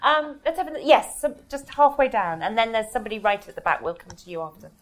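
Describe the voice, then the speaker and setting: A woman chairing a live book talk, brisk and conversational, steering questions to the author. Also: fairly high pitch, animated. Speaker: event chair.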